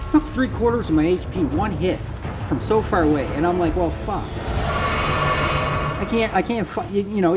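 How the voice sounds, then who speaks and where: A man's voice: a little high, poor audio. Guy narrating his game run, cursing, acting out his own thoughts, music blasting behind him. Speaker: gaming commentator. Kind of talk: casual gameplay commentary. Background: loud game music.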